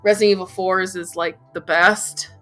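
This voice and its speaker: A woman's voice: lowish voice, steady tone, normal speed, fairly bright tone, soft background music. A young adult woman co-hosting a podcast, chatting candidly and casually, with the odd swear word. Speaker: podcast co-host. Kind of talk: casual chat about video games.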